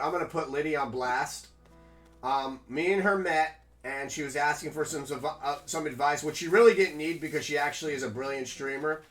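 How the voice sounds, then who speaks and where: A male streamer chatting loosely with his viewers while he plays, rambling from one thought to the next. His voice sits a little high. Faint music runs quietly underneath. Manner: rambling, chatty, talks to chat. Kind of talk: casual live-stream chat while gaming.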